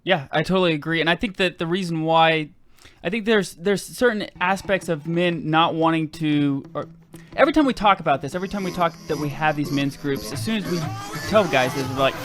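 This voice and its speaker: A man's voice: on the high side, brisk, a bit bright, soft background music. A man co-hosting a talk podcast, chatting casually and eagerly. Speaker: podcast co-host. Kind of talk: casual chat.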